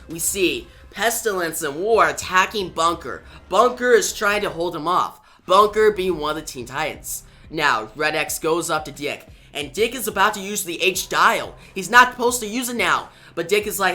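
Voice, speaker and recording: A bright, forward-sounding voice recaps a comic book storyline in a casual, eager way, reading the characters' lines aloud along the way. The pitch sits mid-range, with faint music playing under the talk. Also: animated, moderate pace, hardly any pauses. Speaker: comic book reviewer and channel host.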